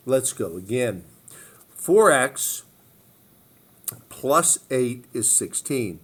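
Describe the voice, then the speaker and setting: Man, teacher, recorded math lesson, step-by-step, repeats himself, mid-pitched voice. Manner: step-by-step, repeats phrases, frequent "okay?" check-ins. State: hiccups.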